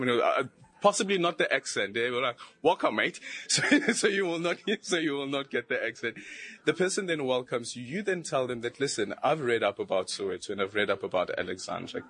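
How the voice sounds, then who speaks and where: A man's voice: mid-range voice, fairly bright tone, slightly rough. A man, a government official, answering a news interviewer about tourism in an upbeat, promotional way. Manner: upbeat, promotional, fluent with fillers.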